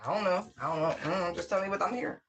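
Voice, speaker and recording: A woman giving a casual spiritual tarot reading, emphatic and outspoken. She repeats her phrases, swears freely and breaks into excited whoops. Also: fairly low pitch, fast, slight background noise. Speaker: tarot reader.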